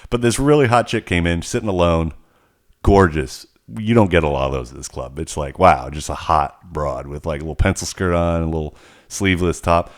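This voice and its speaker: A man co-hosting a podcast, telling a rambling, animated story in casual chat. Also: sits low, a little fast. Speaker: podcast co-host.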